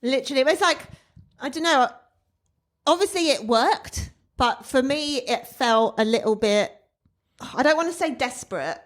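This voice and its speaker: A woman's voice: high voice, expressive, normal speed. A woman with a British accent co-hosting a podcast, teasing and blunt in casual chat. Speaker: podcast co-host.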